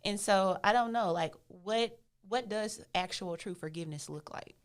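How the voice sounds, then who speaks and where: A woman's voice: medium pitch, normal speed, clean tone. A woman hosting a podcast in casual conversation, a supportive listener who affirms her guest often. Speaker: podcast host.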